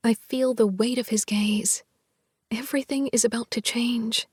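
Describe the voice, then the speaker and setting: A woman narrating a first-person romance audiobook in a soft, half-whispered, intimate delivery. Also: a little high, fairly even intonation, moderate pace, slightly rough, dry recording, studio quality.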